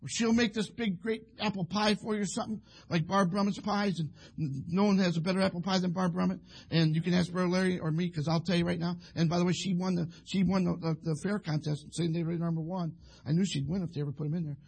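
A rambling preacher man delivers a folksy sermon and slips into acting out husbands and wives. His voice sits high for a man. It has a husky, slightly breathy edge. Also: fairly even intonation, fast, darkish tone. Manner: folksy, rambling, acts out quoted couples.

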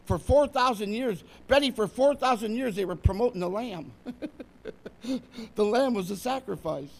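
High-voiced, fervent male preacher. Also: normal speed, vocal fry. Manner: fervent, often asks the congregation to follow along. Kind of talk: sermon.

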